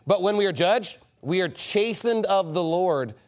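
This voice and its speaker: Male pastor, high voice with wide swings, sermon delivery, mocking edge. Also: measured pace. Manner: animated, mocking, emphatic preaching.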